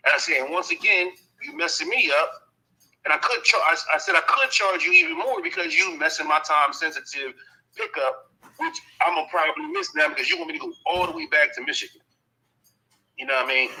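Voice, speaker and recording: A man casually telling a long story about transporting a dog, animated, often adding "you know what I'm saying" and acting out what others said. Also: on the high side, gravelly, rough recording.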